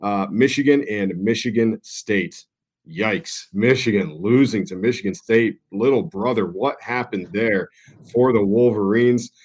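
A man's voice: on the low side, measured pace, darkish tone, breathy edge. A young man co-hosting a sports podcast, talking loosely and rambling, swearing casually. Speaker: podcast co-host.

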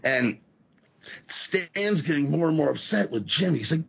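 A man co-hosting a casual wrestling podcast, talking in an animated, profane way and acting out the voices he quotes. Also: a little high, unhurried, vocal fry, husky, dull audio. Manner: animated, swears a lot, acts out quoted voices. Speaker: podcast co-host.

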